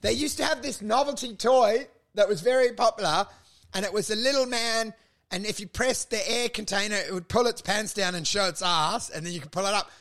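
Male podcast co-host, high voice, fast comedic riffing, plays characters in his bits. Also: creaky, a bit bright. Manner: riffing, acts out mock dialogue in silly voices. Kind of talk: casual comedic banter.

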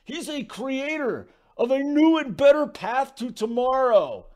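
A man's voice: extremely high pitch, lively intonation, unhurried, a little mellow, voice pushed up. A man putting on an impression of an older basketball broadcaster, gushing with grandiose praise. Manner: exaggerated, sweeping praise.

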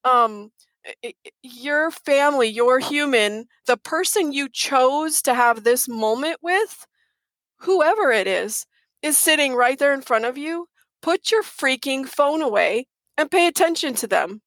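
A woman's voice: high-pitched, expressive, unhurried, fairly bright tone, no room sound. A middle-aged woman speaking earnestly and emphatically as a guest in a casual interview, repeating words for stress.

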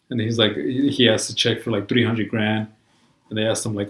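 Dude rambling and swearing a ton, lowish voice, echoey room, lots of likes and you knows. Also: male voice, level tone, a little fast. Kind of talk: casual chat.

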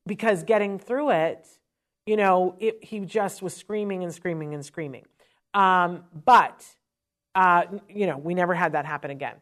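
A woman speaking earnestly and emotionally, sharing a personal parenting story in a conversational talk about autism. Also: fairly low pitch.

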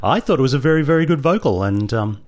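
A man with an Australian accent co-hosting a casual chat show, talking in a measured, easygoing way. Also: mid-range voice, animated, a little mellow. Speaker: podcast co-host.

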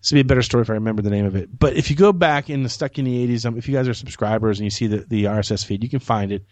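A man's voice: mid-range voice, racing, a little mellow, dry recording. A man hosting a podcast, telling a long anecdote in a rambling way with many restarts. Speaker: podcast host. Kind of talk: casual chat, anecdote.

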